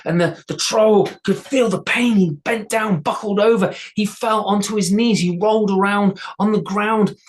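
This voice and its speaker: A man's voice: sits high, moderate pace, few pauses. A male storyteller telling a folktale aloud, unscripted, with restarts and repeated words.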